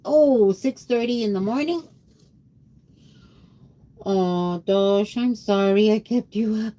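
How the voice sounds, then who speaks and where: A woman's voice: mid-range voice, slow, mellow. A tired woman livestreamer chatting casually and rambling, greeting her viewers by name. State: tired after a long day.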